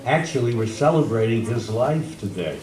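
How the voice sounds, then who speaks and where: A man leading a memorial service, inviting people to share memories in a gentle, soft-spoken way. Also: mid-range voice, expressive, moderate pace. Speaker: officiant of the service. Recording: echoey hall from far off with background noise.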